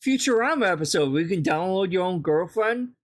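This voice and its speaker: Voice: mid-range voice, expressive, fairly quick. A podcast host in casual chat over a voice call, talking loosely with many fillers and frequent laughs.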